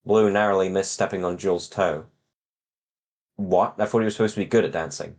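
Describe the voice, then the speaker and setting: Man, fairly low voice, mock-dramatic, sarcastic storybook reader. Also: fairly even intonation, a little fast, a little mellow. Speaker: reader on a voice chat. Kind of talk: reading a children's novel aloud with jokes.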